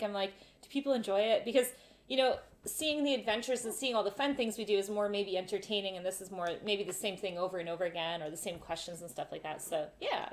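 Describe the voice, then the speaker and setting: A woman hosting a casual live Q&A, telling travel stories with animated acted-out voices. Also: mid-range voice. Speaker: travel vlogger, live Q&A host. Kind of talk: casual live-stream storytelling.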